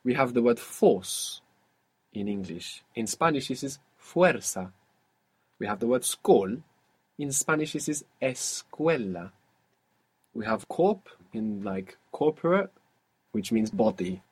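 A man with a husky, slightly rough voice leads an audio language lesson. He explains patiently, one step at a time, and stops often to ask his student questions. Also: mid-range voice, big pitch swings, slow. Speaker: language teacher.

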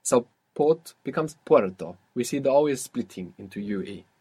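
A man with a husky, slightly rough voice leads an audio language lesson. He explains patiently, one step at a time, and stops often to ask his student questions. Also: medium pitch, expressive, normal speed, darkish tone. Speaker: language teacher.

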